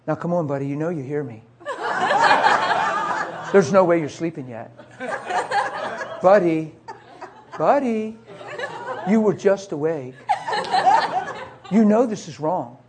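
A man doing a hushed, pestering roommate. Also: animated, takes it slowly, pauses often, heavy background noise. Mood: pleading whisper. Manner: low, hushed, coaxing. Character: pestering male roommate at night.

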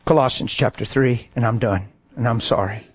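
A man's voice: medium pitch, moderate pace, husky, no echo. A man preaching a sermon and telling stories in a folksy, emphatic way. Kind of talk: sermon with storytelling.

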